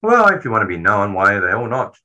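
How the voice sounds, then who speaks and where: A man's voice: fairly low pitch, sing-song, brisk, sharp tone, low-quality recording. A man casually recapping a horror film with a co-host, rambling and swearing freely as he talks. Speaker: podcast co-host.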